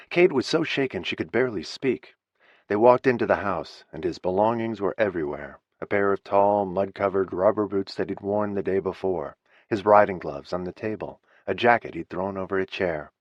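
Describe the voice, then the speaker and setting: Low-voiced male audiobook narrator. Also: dry recording. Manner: measured, somber reading. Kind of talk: scripted narration. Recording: slightly muffled dry studio recording.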